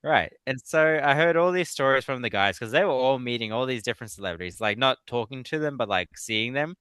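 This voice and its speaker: A man, a guest author in a casual interview, telling animated stories and laughing often. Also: mid-range voice, brisk, clear, resonant tone, no room sound. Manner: animated storyteller.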